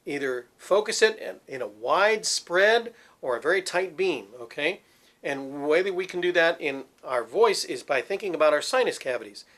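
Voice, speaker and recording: A middle-aged former opera singer teaches vocal technique, explaining patiently and demonstrating with sung examples. His voice sits on the high side and is a bit bright, with a resonant, focused head voice.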